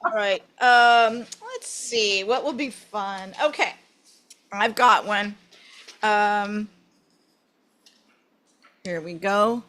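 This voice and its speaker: A woman hosting a virtual party guessing game, bubbly and quick to cheer. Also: medium pitch, fairly bright tone. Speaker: game host.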